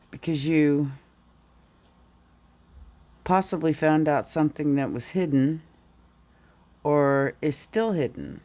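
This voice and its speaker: A woman's voice: sits low, darkish tone. A woman reading tarot cards in a casual, meandering way, a little under the weather with a groggy morning voice. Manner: meandering, talks through the cards as she goes. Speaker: tarot reader.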